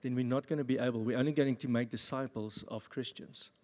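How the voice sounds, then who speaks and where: A man pastor giving a sermon at a church service, with jokey, animated asides. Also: mid-range voice, a little fast. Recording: long reverb of a church hall.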